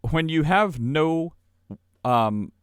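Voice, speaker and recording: A man's voice: a little high, expressive, very slow, smooth, dry recording, clean studio sound. A man hosting a podcast, chatting casually and reading news articles aloud with asides. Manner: reads articles aloud, puts on mock voices for quoted people. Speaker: podcast host. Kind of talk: casual livestream commentary.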